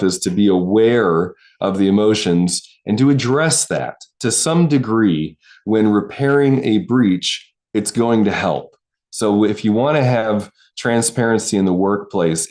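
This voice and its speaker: A man's voice: fairly low pitch, darkish tone. A man coaching on a live stream, talking loosely and conversationally, breaking off into asides and restarting his sentences. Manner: loose, conversational, self-interrupting, chatty asides. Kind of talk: casual live-streamed talk.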